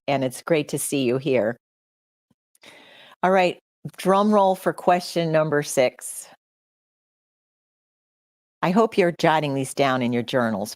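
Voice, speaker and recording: A middle-aged woman hosts a livestream as a podcast host, speaking earnestly and personally to her audience while choked up with emotion. Her voice is low-pitched. Studio-quality audio, no room sound.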